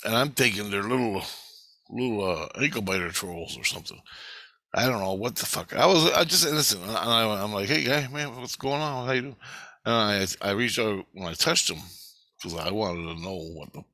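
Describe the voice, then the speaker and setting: Male, low bright voice, dry recording; rambling, profane, animated dream storyteller. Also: moderate pace, dry recording. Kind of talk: casual dream retelling.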